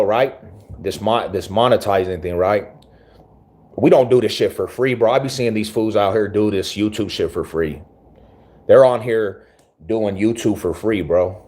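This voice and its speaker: A man's voice: on the low side, darkish tone. A man hosting his own channel, talking casually to camera in slangy, rambling speech with many restarts. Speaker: YouTube channel host.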